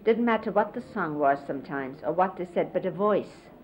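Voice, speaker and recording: A middle-aged woman casually reminiscing, explaining hand gestures in an unhurried, conversational way and often quoting others. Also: lowish voice, animated, darkish tone. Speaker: interviewee recalling life with a spiritual teacher. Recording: lo-fi 1970s videotape, faint hiss.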